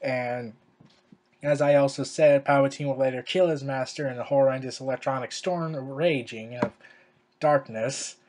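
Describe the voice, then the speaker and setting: A man's voice: mid-range voice, fairly even intonation, normal speed, darkish tone, a little hiss or hum. A young man giving casual commentary in a video, rambling and full of filler words. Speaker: video creator.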